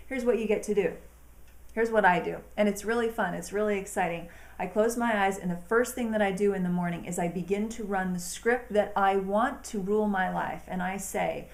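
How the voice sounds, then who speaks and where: A woman hosting an inspirational talk, speaking in an earnest, encouraging way with slow, emphatic phrasing. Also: mid-range voice, roomy sound. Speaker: host.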